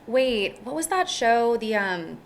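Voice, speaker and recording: A woman's voice: fairly high pitch, sing-song, slow pace, a crowd in the background. A woman hosting a casual podcast, asking chatty, curious questions and tossing in playful asides. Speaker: podcast host.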